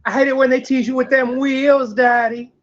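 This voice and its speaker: A woman's voice: high voice, flat delivery, moderate pace, dull audio, close to an everyday voice. A woman voicing a brash, flirty female pig in a wig in a game role-play, clingy and calling everyone daddy. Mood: teasing.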